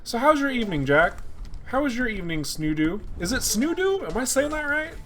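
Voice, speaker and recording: A man's voice: very high voice, big pitch swings, brisk, fairly bright tone, faint music behind. A young man giving casual live commentary on a game, chatting with viewers. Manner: chatty, talks to chat viewers by name. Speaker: gameplay streamer.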